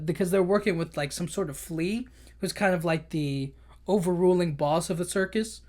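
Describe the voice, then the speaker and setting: Male podcast host, casual talky recap, stumbles and restarts, throws in quick character voices. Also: high-pitched. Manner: rambling, loose retelling with many restarts and fillers; acts out characters' lines in quick bursts.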